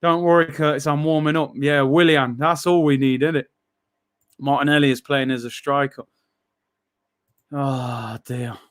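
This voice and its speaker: Young man, high-pitched, football watchalong host, animated, frustrated, shouting outbursts. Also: measured pace, long pauses, clear, resonant tone. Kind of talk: live match reaction.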